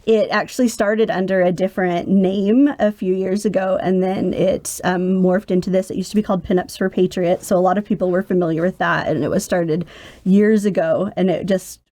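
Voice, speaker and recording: A woman's voice: on the low side, a little fast, no room sound. A woman in her forties, a military caregiver, talking earnestly in a podcast interview and acting out quotes as she tells stories. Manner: earnest, animated storytelling with voiced quotes.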